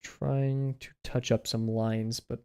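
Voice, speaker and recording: A man's voice: mid-range voice, flat delivery, slow pace, creaky, a little mellow, smooth. A man chatting casually on a live stream while he draws, rambling through asides with lots of filler words. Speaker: drawing streamer.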